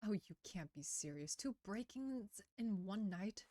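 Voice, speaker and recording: A woman's voice: medium pitch, expressive, unhurried, dark tone, slight background noise, close to an everyday voice. A woman reading a dry, sardonic vampire detective. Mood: dry, wary. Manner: dry, blunt, wary. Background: game music.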